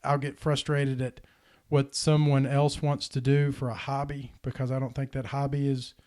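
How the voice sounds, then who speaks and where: A man telling a heartfelt personal story in a casual podcast chat, earnest and animated. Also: mid-range voice, moderate pace. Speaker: podcast host.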